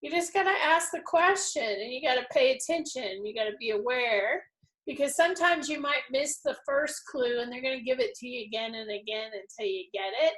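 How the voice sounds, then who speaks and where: A woman's voice: high-pitched, brisk, fairly bright tone. A middle-aged woman hosting a casual spiritual interview, effusive and openly emotional. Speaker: host.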